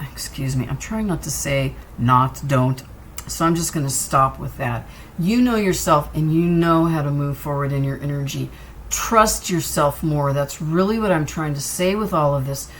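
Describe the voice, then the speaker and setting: A woman's voice: low voice, slight background noise. A woman giving a tarot reading, talking straight to her viewers in an encouraging way. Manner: encouraging, direct address to viewer. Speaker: tarot reader.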